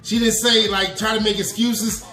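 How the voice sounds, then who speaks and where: A man tells a long personal confession on his podcast, talking in loose street slang and turning to the listeners with "y'all". His voice sits a bit high for a man. The room is echoey, with faint music underneath. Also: little pitch movement, moderate pace, sharp tone. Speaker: podcast host. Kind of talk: storytelling confession.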